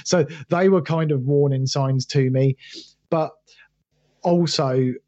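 A man's voice: medium pitch, fairly even intonation, slow, warm tone, no echo, muffled recording. A middle-aged man answering interview questions earnestly, often restarting his sentences. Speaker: podcast guest, author.

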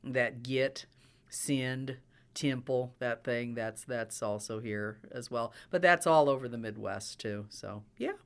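A man's voice: medium pitch, a little slow, vocal fry, few pauses, fairly bright tone, smooth. A man who acts and coaches dialects, explaining accents in an interview with eager, detailed answers. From United States. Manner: explanatory, enthusiastic about accents.

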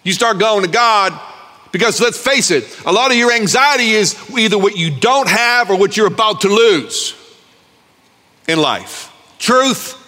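A male pastor preaching an animated, joking sermon to a congregation, calling for their responses. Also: high voice, a little slow. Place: church sanctuary. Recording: long reverb of a large hall.

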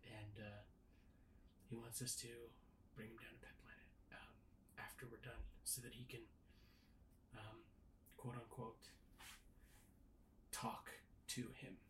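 A man's voice: medium pitch, flat delivery. A man performing an improvised comedy sketch, talking hesitantly with many restarts and fillers. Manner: hesitant, halting, full of restarts and ums. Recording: echoey room with faint ambient noise.

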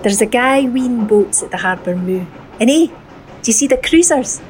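A woman's voice: fairly high pitch, lively intonation, moderate pace, background noise. A woman reciting a dialect poem in a sing-song, heightened way. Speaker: guest reader. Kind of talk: poetry recitation.

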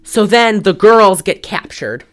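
A woman casually recapping a film's plot on a podcast, telling it in an animated way with lots of "like.". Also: mid-range voice, a little slow, faint music behind. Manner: animated storytelling, frequent "like". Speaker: podcast co-host. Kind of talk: casual film recap chat.

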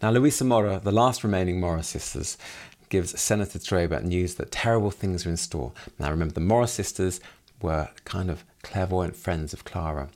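A man's voice: low-pitched, normal speed, a little mellow. A man hosting a solo book review podcast, summarizing the plot with wry asides.

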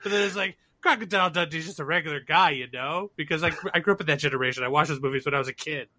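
Jokey, bright-voiced man. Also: a little high, racing. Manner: rambling and jokey, laughs often. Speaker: podcast co-host. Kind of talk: casual chat.

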